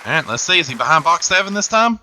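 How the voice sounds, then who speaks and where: A man's voice: on the high side, sing-song, fast, music in the background, crowd noise. A man hosting a game show, with upbeat, jokey patter.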